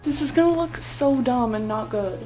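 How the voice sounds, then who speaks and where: Over music, a YouTuber in her twenties speaks at normal speed in a fairly high, expressive voice. She's decorating her bedroom and chatting casually with sarcasm, sweaty and lightheaded, frequently laughing at her own expense.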